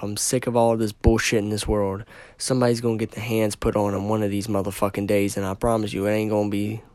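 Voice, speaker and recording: A man's voice: on the low side, a little mellow, dry recording. A man hosting his podcast alone, ranting angrily with heavy swearing, agitated and stumbling over his words. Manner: angry, profane, ranting. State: agitated, stammering. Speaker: podcast host. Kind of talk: solo podcast rant.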